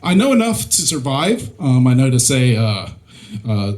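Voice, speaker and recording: A man's voice: medium pitch, lively intonation, normal speed, darkish tone. A man from Mississippi doing a stand-up comedy set into a stage mic, hesitant with lots of ums and self-deprecating jokes. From Mississippi, USA.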